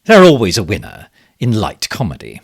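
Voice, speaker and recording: An actor playing a pompous, smug and bumbling male government minister in a comic monologue, with a posh, self-satisfied delivery and sudden leaps in pitch. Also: wildly swooping pitch, moderate pace, husky, no room sound, studio quality, heavily acted. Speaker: satirical character monologue. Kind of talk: comic monologue as a fake live stream.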